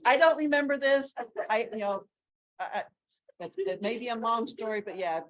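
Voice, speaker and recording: A woman's voice: mid-range voice, normal speed. A woman from Texas, teaching a ladies' Bible class in a chatty way full of restarts and asides. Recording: dull lo-fi recording.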